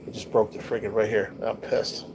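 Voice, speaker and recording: A man hosts a casual livestream, talking bluntly and ramblingly to viewers with plenty of swearing and slang. His voice is on the low side and his delivery flat and brisk, with noticeable background noise behind him.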